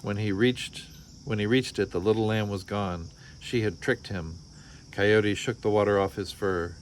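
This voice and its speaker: Guy reading a kids picture book out loud, lowish voice, faint crickets in the back. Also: moderate pace, slight background noise. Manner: expressive storytelling. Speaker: storybook reader.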